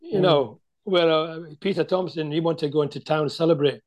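A man's voice: fairly high pitch, fairly quick. Older man telling football stories. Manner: chatty anecdotal storyteller, many restarts. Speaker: guest, former footballer. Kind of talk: storytelling interview.

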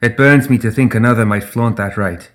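An earnest, fiercely loyal tree-spirit servant woman, put on by a man in an audiobook. Her voice runs a little higher than the narration, eager and pleading with a hard edge. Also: brisk, fairly bright tone, natural voice.

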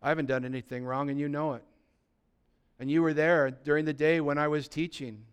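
A man preaching a sermon voices a calm male teacher, speaking low and quietly in reproach. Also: a little fast, clear, resonant tone, lightly acted. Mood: reproachful.

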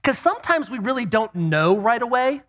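A man giving a relaxed Christian teaching on marriage, speaking conversationally with many rhetorical questions and casual asides. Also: very high voice, moderate pace.

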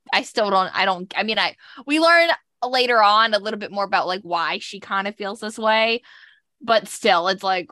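A young woman co-hosting a casual recap chat, chatty and quick to react and laugh. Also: medium pitch, bright, forceful tone, no echo. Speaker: podcast co-host.

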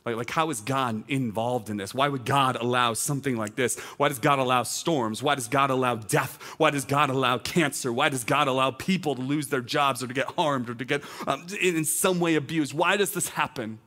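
A man's voice: mid-range voice, brisk, few pauses, bright, forceful tone. A man, a teaching pastor, preaching a conversational sermon outdoors, often repeating words and building to urgent, raised appeals. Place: outdoor service.

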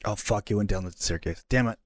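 Lowish guy playing a tabletop game, eager and plain, dry close sound. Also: fast talker, no echo. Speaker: player. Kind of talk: casual tabletop game chat.

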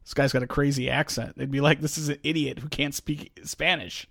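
A man's voice: a little high, steady tone, brisk, gravelly, fairly bright tone, no room sound, clean studio sound. A man hosting a casual podcast, telling stories wryly and arguing his point, with many fillers. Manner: wry storytelling, argumentative, trails off with fillers. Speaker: podcast host. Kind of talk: casual chat.

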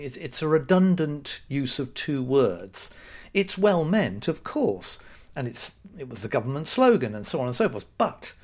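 A British man hosting his own podcast, talking casually and sarcastically, often slipping into quoted voices. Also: fairly high pitch. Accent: British English. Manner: wry, sarcastic, chatty with mock-quoted voices. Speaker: podcast host. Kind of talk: casual solo podcast monologue.

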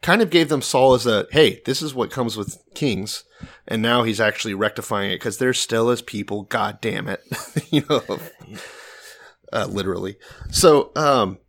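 Man, lower-pitched, co-host, irreverent Bible banter, swears a lot, slips into voices. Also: expressive, moderate pace, fairly bright tone. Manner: profane, jokey, acts out voices in retellings. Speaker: podcast co-host. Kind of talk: casual irreverent Bible commentary.

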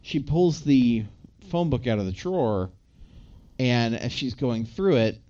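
A man's voice: mid-range voice, expressive, unhurried, warm tone. A man casually recapping a movie plot as a podcast co-host, rambling with lots of filler words. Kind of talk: casual chat. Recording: slightly dull lo-fi audio.

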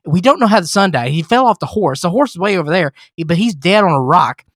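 A man's voice: high-pitched, fast, dry recording, clean studio sound. A man co-hosting a podcast, giving a casual, sarcastic and profane comedic recap of a film he disliked. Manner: profane, sarcastic, animated storytelling. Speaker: podcast co-host reviewing films.

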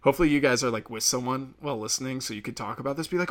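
A man rambling alone on his podcast, swearing freely, laughing at his own jokes and breaking into quick impressions of other people. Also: medium pitch. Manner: acts out quoted people in sudden bursts. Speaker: podcast host. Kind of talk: solo podcast rant.

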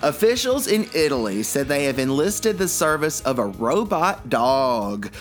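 A man co-hosting a radio show, trading animated, jokey banter. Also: mid-range voice, a little slow, soft background music.

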